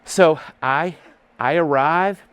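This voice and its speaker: A man's voice: on the high side, slow pace, a bit bright, clear, resonant tone, no room sound. A man with an Alabama Southern accent, a guest animatedly telling stories on a front porch and laughing often. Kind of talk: casual storytelling chat.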